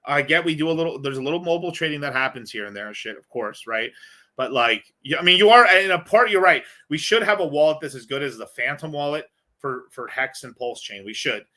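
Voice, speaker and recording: A male host rambles through viewer questions in a casual livestream with a bright, forceful voice. He talks bluntly, swears often and pitches a bit on the high side. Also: animated, fairly quick.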